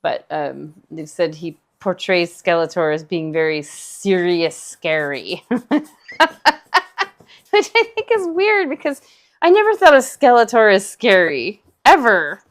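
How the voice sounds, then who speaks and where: A woman's voice: on the low side, very animated, a little slow. A woman co-hosting a painting livestream, chatting casually with frequent laughs and rambling asides. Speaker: co-host painting along.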